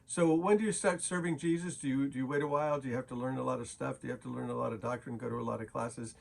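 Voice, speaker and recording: A man's voice: medium pitch, steady tone, quick pace, vocal fry. A man teaching a daily Bible chapter as a pastor, casual and conversational, with frequent fillers and restarts.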